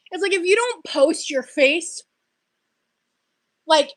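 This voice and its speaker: A woman's voice: very high voice, lively intonation, drawn-out words, no room sound. A woman chatting casually on a livestream, defensive and dismissive toward critics. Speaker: livestreamer in played clips.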